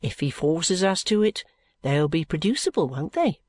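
A woman reading aloud and voicing an anxious young male law clerk who talks in a nervy, hushed, conspiratorial way. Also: deep voice, sing-song, normal speed, dry recording. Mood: whispered scheming.

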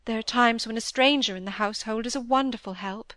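A woman voicing a gentle middle-aged mother, plaintive and soft, tumbling on in distress. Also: fairly high pitch, fast, no echo, studio quality, lightly acted. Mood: tender. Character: tearful gentle middle-aged mother, anxious for her son.

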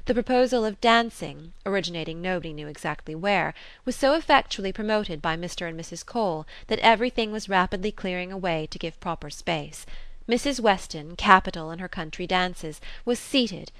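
A woman narrating an audiobook of a classic novel in a measured, even manner. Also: fairly low pitch, dry recording.

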